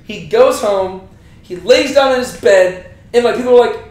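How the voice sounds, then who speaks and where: Young male Bible teacher, casual and chatty, high voice, heavy room echo. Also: moderate pace. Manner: chatty, keeps asking right?. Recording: very echoey room.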